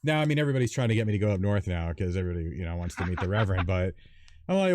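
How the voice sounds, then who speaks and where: A man's voice: deep voice, big pitch swings, rapid-fire, background noise. A man hosting a casual livestream chat, telling stories with enthusiasm and frequent chuckles. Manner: enthusiastic storyteller, chuckles often. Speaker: stream host.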